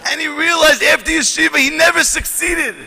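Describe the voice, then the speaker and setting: A man with a very high, piercingly bright voice addresses a conference with fervor, his delivery swelling into shouts. The sound carries a long reverb from a large hall. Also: steady tone, brisk, creaky. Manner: fervent, rising to shouts, reads letters aloud. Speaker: conference speaker. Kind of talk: impassioned speech to an audience.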